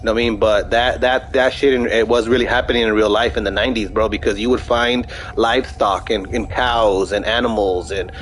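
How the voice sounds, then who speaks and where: A man's voice: lowish voice, steady tone, fairly quick, hardly any pauses, rough recording. A young man chatting casually over gameplay, telling a story in a rambling, profane way with many restarts. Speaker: gaming streamer.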